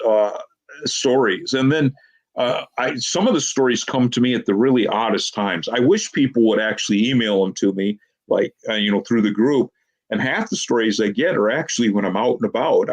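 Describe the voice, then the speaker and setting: A man being interviewed as a Bigfoot investigator, telling long rambling anecdotes and quoting people with "she goes.". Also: medium pitch. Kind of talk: casual storytelling interview.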